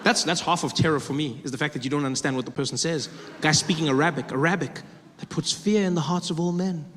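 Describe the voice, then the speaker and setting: A man's voice: a little high, fast talker, a bit bright. A male stand-up comedian telling a story in a conversational, self-deprecating way, often stopping to restart a sentence. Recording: reverberant live hall with audience noise.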